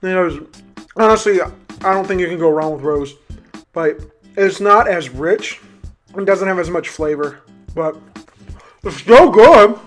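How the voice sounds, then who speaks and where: A young man hosting a casual food vlog taste test, chatty and halting with frequent ums. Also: sits high, faint music behind. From United States. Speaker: food vlogger.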